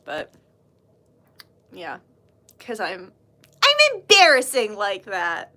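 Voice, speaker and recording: A woman's voice: medium pitch, wildly swooping pitch, slow, pauses often, bright, forceful tone, slight background noise. A British woman hosting a casual livestream, chatting in a bubbly, giggly, gushing way. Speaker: livestream host showing handmade jewelry.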